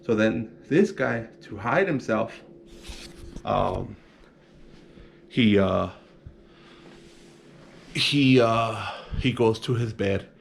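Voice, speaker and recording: A man's voice: on the low side, extremely slow, gravelly, long pauses, a little hiss or hum. A young man telling a prison story casually, acting out punches sound effects and swearing freely.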